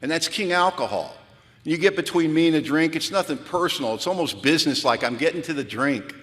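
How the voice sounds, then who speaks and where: A man's voice: fairly high pitch, animated, fairly quick, a bit bright. Candid man telling his story in a hall. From United States. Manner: candid, self-mocking, dramatic storytelling. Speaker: recovery speaker. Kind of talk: storytelling talk to a live audience. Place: large hall. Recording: hall reverb from a live talk.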